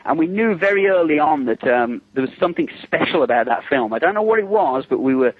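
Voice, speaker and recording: A man's voice: a little high, fast talker, no room sound. English man telling stories down a phone line. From England. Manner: lively anecdotes, acts out quotes, laughs often. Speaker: guest, special effects makeup artist. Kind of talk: casual phone interview storytelling. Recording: tinny phone line, dry.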